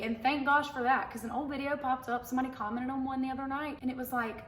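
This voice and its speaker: A woman's voice: high voice, steady tone, fairly bright tone, roomy sound. A young woman, a content creator and stay-at-home mom, answering viewer questions in a chatty, candid way to camera. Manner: chatty, candid, quick-talking. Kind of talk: casual Q and A talk to camera.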